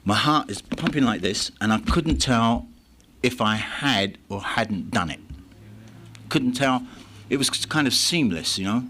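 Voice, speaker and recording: An English man speaking at a recovery meeting, telling his personal story in a halting way with many restarts and fillers. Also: medium pitch, lively intonation, sharp tone.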